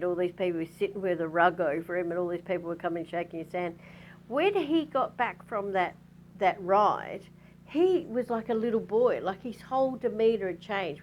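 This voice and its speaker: A woman's voice: mid-range voice, a little mellow, a little hiss or hum, low-quality recording. A middle-aged Australian woman tells a personal story to her audience in a candid, rambling way, full of asides and restarts. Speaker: spiritual teacher.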